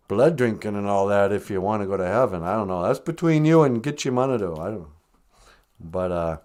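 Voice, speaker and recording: Jokey male podcast host, lively pitch. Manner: jokey, laughs at his own gags, casual. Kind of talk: comedic live-stream chat.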